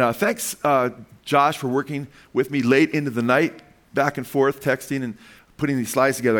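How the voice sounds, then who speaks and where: A man preaching a sermon to his congregation, pausing to ask questions and walk them through slides word by word, with frequent "okay" and "right". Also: mid-range voice. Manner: emphatic, asks the congregation questions. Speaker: pastor.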